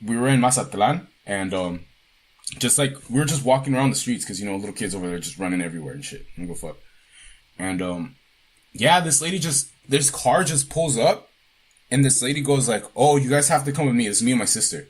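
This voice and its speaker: A man's voice: on the low side, expressive, brisk, slightly rough. A man co-hosting a podcast, telling a childhood story in a casual, profane, laid-back way. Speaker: podcast co-host.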